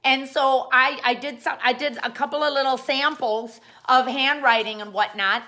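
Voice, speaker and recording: Bright-voiced woman hosting a playful lesson. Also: sits high. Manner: playful, rambling, jokey asides. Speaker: host. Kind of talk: comic how-to demonstration.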